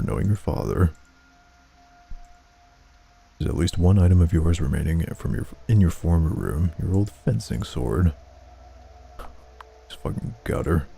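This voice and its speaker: A man's voice: low-pitched, gravelly, dark tone, husky. A young man playing a game, reading its text aloud and making crude, sardonic remarks. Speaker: let's play gamer. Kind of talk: casual game commentary and reading.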